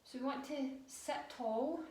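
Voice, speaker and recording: A woman leading a yoga class, giving calm, slow guided cues. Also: high voice, slight background noise. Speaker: yoga instructor. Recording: echoey room, voice a bit far from mic.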